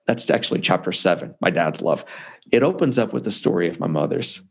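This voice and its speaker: Gravelly low-voiced man telling his story. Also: animated, fairly quick. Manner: earnest, heartfelt storyteller. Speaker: author and speaker, interview guest. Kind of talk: personal storytelling in an interview.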